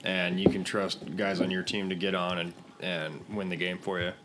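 A man's voice: low-pitched, flat delivery, normal speed. A man chatting casually as a guest, hesitant with frequent uhs. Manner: hesitant, lots of uh. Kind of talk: casual chat. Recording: loud background noise.

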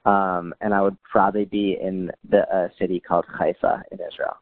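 A man's voice: low voice, moderate pace. Dry-humored man telling stories, phone-like sound. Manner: dry humor, quotes people in lively voices. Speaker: guest. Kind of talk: casual storytelling chat.

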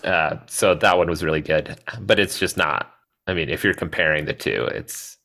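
Male podcast co-host, deep voice, hesitant rambling delivery. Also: moderate pace, vocal fry, bright, forceful tone. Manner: rambling, hesitant, many fillers and restarts. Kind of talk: casual movie chat.

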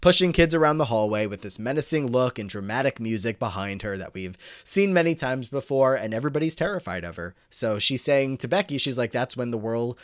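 A man's voice: mid-range voice, brisk, few pauses, dry recording. A man talks through a show episode for his podcast, scene by scene, slipping into the characters' lines as he goes. His voice sits in a middle register. The recording is close and dry. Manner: animated scene recapping with quoted lines. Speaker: podcast host. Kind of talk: casual recap chat.

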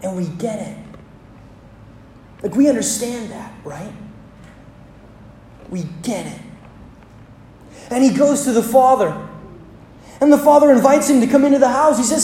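A pastor preaching a sermon in a church, with dramatic pauses and emphatic repetition, recorded with a roomy church echo. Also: mid-range voice, animated, a little mellow.

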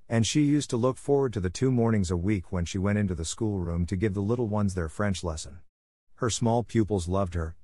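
Male audiobook narrator for a classic novel, low voice, dry close sound. Steady storytelling. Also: dry recording.

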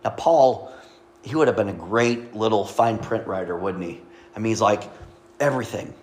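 A middle-aged man preaches a sermon in a low voice, reading scripture and then talking it over in a loose, conversational way. He makes small jokes and speaks straight to the congregation. A faint hum of noise sits under his voice. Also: moderate pace, darkish tone. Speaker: pastor.

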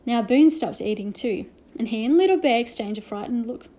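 A woman reading a children's novel aloud with gentle storytelling and hushed asides. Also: a little high, expressive, brisk. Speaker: reader.

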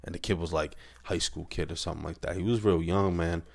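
Deep-voiced man on a profane rant. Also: steady tone, fast, gravelly. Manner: blunt, heated, repetitive with restarts and "man".

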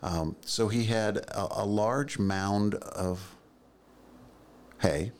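A man's voice: lowish voice, very slow. A man co-hosting a podcast in casual chat, telling stories with dry, wry asides. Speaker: podcast co-host.

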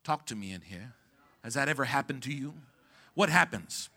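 A man preaching a sermon as pastor, calling out to the congregation to respond and rising to shouts at the peaks. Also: mid-range voice, brisk. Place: church sanctuary.

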